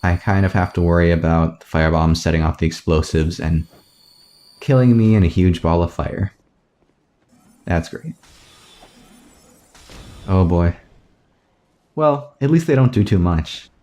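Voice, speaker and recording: A man casually commentating his own gameplay, rambling aloud through tangents with soft self-mocking asides. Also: sits low, unhurried, pauses often. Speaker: let's play gamer.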